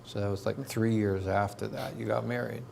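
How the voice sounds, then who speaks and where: This is a man hosting a talk show interview, asking easy, prompting questions. His voice is low and gravelly with plenty of fry. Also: fairly even intonation, normal speed, a little mellow, slight background noise. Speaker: interview host.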